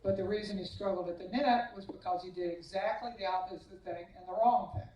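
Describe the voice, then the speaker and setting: A woman's voice: medium pitch, a little fast, a little hiss or hum. Woman storytelling in an echoey hall. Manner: animated anecdotal storytelling, self-deprecating. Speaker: hall of fame inductee, tennis coach. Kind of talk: banquet acceptance speech, storytelling. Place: large banquet hall. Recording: echoey hall, voice far from the mic.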